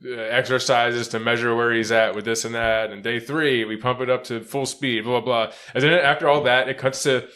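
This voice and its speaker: A man with a bright, forward voice chats loosely about sports as a podcast co-host. He laughs often, swears freely, and slips into loud, high-pitched impressions of other people. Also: fairly even intonation, brisk, hardly any pauses. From Philadelphia area. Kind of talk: casual sports chat.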